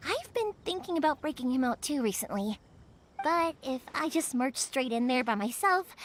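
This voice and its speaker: Bubbly young fireworks shopkeeper, high lively voice, giggly, faint music under it. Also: female voice, slight background noise, heavily acted. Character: cheerful young woman fireworks shop owner, playful. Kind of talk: game cutscene dialogue.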